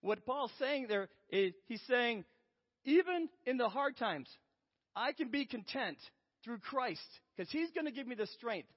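A man's voice: very high voice, expressive, measured pace. A man preaching a sermon, telling a story with self-deprecating humor. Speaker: pastor. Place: church sanctuary. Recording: lo-fi with long hall reverb.

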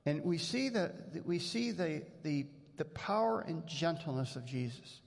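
A man's voice: on the high side, sing-song, a little slow, gravelly. A man preaching a sermon as pastor, earnest and conversational, with frequent restarts. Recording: long hall reverb.

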